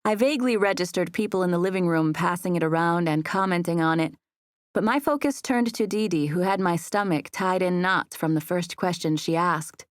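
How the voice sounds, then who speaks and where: A woman narrating a first-person audiobook in an even, gentle storytelling voice. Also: fairly low pitch, normal speed, dry recording, clean studio sound. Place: recording booth.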